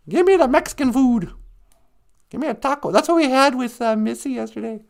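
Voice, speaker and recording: A woman's voice: high voice, a little fast, creaky, a little mellow. A woman from northern Minnesota, hosting a casual live stream, chatty and teasing with frequent laughter.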